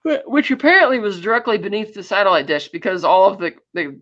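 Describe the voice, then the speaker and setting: A woman's voice: medium pitch, fast, fairly bright tone, highs cut off. A woman co-hosting a podcast, retelling a film plot in a rambling, chatty way. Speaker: podcast co-host. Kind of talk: casual chat recapping a film plot.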